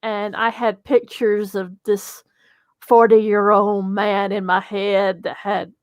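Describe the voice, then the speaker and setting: A woman's voice: mid-range voice, flat delivery, takes it slowly, a little mellow, no room sound. A woman, a company co-founder telling a chatty, giggly story in an interview.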